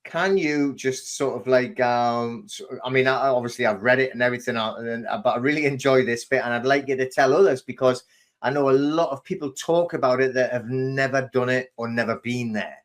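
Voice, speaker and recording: A man hosting a casual interview, asking questions in a halting way with many restarts and fillers. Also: mid-range voice, steady tone. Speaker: host.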